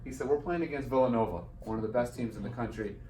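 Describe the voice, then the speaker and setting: In a roomy event hall, a man in his forties shares a personal story as a guest speaker, voicing the people in it with animated flair. He talks quickly in a mid-range voice, heard from a distant mic with some hiss or hum.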